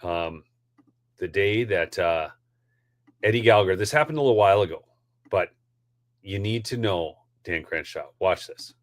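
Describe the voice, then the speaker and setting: A man's voice: low voice, moderate pace, long pauses, dry recording, clean studio sound. A man hosting a live political commentary show, heated and ranty, often calling his audience "folks". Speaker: host.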